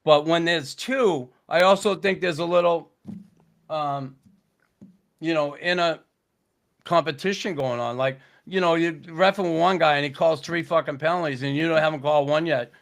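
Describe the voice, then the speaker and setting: A man, a podcast guest telling stories in a gruff, blunt way, swearing constantly. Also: on the high side, normal speed. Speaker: podcast guest, former hockey enforcer. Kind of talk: casual storytelling chat.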